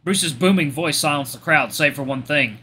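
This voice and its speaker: A man reading a visual novel aloud in expressive first-person narration, stumbling now and then. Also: on the high side, moderate pace, a little hiss or hum. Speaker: let's play host.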